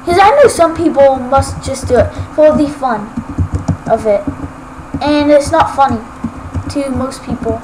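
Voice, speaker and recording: High-voiced woman ranting over gameplay. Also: unhurried. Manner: rambling, ranting at haters. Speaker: Let's Play gamer. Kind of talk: casual gameplay commentary. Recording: noisy homemade recording.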